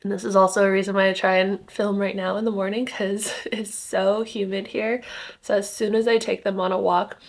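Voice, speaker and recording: A young woman, a spiritual content creator, talks casually for a vlog inside a rented home. Her medium-pitched voice is level and normal in speed, slightly congested since she has just woken up. She rambles with lots of fillers and little laughs.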